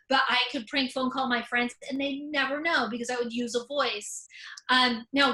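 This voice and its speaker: A woman's voice: on the high side, bright, forceful tone, rough recording. A woman, an author and comedian, talking frankly and with humor over a video call, with a stutter that repeats the first sounds of words. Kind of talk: conversational talk.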